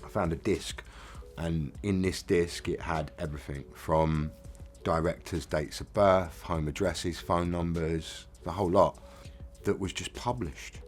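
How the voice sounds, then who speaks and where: A man's voice: deep voice, steady tone, measured pace, soft background music. A middle-aged man with an English accent, frankly and casually telling his own life story. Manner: plain-spoken, casual, frank. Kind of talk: candid first-person storytelling.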